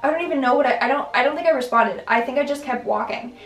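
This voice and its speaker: A woman's voice: high voice, fast talker, fairly bright tone. A young adult woman telling personal stories in a casual, rambling way, full of "like" and restarts. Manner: chatty, filler-heavy, lots of "like" and restarts. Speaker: vlogger. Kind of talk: casual storytelling. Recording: roomy, distant mic, faint music.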